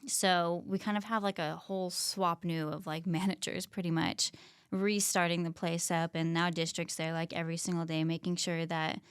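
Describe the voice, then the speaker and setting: Young female trainer guest, smooth voice, slightly low; dry close mic, chatty. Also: level tone, moderate pace, dry recording. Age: young adult. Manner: chatty, lots of fillers and quoted asides. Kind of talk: casual chat.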